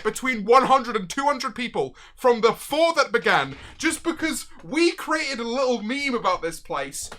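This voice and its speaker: Animated young man, bright voice. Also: very high voice. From Britain. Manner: animated, swearing, loud bursts of excitement. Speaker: streamer. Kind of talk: casual storytelling chat.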